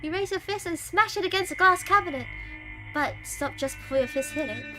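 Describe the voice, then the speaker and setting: A woman streamer playing a horror dating game, reading its text aloud with animated, dramatic reactions. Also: very high-pitched, a little fast, over music.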